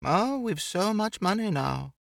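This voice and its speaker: A poised lady teases in a high, brisk voice, played by a man in an audiobook. She sounds dry and mocking. The reading is close and dry. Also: animated, vocal fry, dry recording, exaggerated voice. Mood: teasing. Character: poised, teasing, cool British woman.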